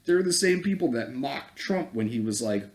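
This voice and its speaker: A man's voice: medium pitch, lively intonation, normal speed. A man from Connecticut in the US giving a heated, profane political rant, full of sarcastic mimicry. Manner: profane, angry, swings into mocking voices. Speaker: political commentator. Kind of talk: heated ranting commentary.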